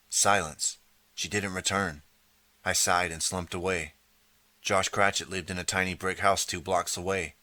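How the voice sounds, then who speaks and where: Deep-voiced man narrating an audiobook. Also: steady tone, normal speed, bright, forceful tone, no room sound. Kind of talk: scripted first-person narration.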